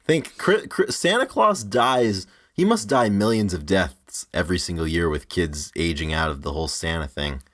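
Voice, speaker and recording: A man's voice: deep voice, expressive, moderate pace, hardly any pauses, a bit bright. A young man in his twenties, co-hosting a podcast, telling rambling stories with many restarts and frequent laughs. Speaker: podcast co-host. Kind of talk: casual podcast chat.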